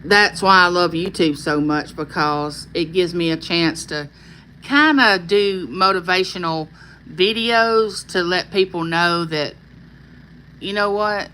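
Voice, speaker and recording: A woman's voice: fairly low pitch, slow pace, bright, forceful tone, slight background noise, rough recording. A woman with a Southern accent hosting a casual live stream, chatting and reading viewer comments aloud in a friendly, folksy drawl. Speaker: YouTube host on a live stream.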